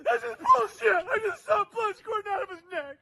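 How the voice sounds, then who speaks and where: A man sobs and shouts in a raw, furious rant, his voice pitched very high and strained. It grates with gravel and a sharp, tense edge. He is recording himself in a car. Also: a little fast, rough recording. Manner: furious, profane outburst. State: crying and shouting. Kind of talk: emotional phone-video rant.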